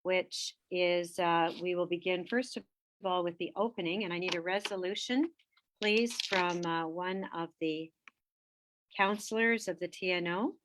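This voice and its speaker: A woman's voice: lowish voice, steady tone, a little slow, fairly bright tone. A woman chairing a council meeting over a video call, running the votes and roll call politely with small fillers.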